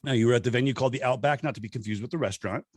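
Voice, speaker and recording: A middle-aged man hosting a podcast, telling stories in a casual, animated way and laughing often. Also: very fast, breathy edge, dry recording, studio quality. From Southern California. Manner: animated, laughs often, acts out quotes in high voices. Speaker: podcast host. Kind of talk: casual storytelling chat.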